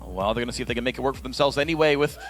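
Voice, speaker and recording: A man's voice: medium pitch, very fast. A man co-casting an esports match in a casual, joking, conversational way. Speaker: esports caster. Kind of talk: color commentary. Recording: faint music behind.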